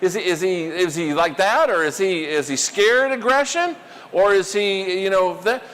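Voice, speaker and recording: Man presenting to a room, lively. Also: high voice, normal speed, big-room sound. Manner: animated, questions the audience. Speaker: workshop presenter. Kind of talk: live talk to a small audience.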